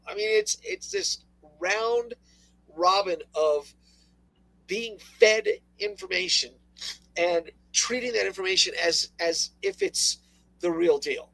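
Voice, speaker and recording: High-voiced man co-hosting talk radio. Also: slow pace, vocal fry, no room sound, rough recording. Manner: animated, laughing, sarcastic asides. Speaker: co-host. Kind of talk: casual political radio talk.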